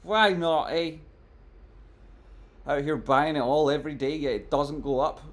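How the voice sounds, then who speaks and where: A man doing live stream commentary on trading charts, talking to his chat in a jokey, theatrical way that swings between mock gloom and loud exclamations. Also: on the high side, measured pace. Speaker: stock market streamer.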